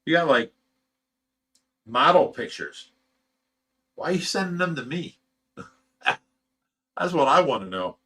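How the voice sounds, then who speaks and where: A man's high-leaning, sing-song voice comes slowly, with frequent pauses, sounding bright, forceful, and husky. He hosts a casual fish rescue livestream, reading viewer comments and replying loosely and bluntly with many chuckles.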